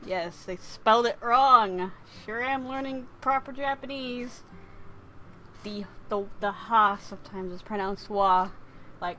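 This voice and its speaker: A woman's voice: medium pitch, measured pace, sharp tone, a little hiss or hum, rough recording. A woman hosting a let's play, giving dry, wry asides about the game. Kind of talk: game playthrough commentary.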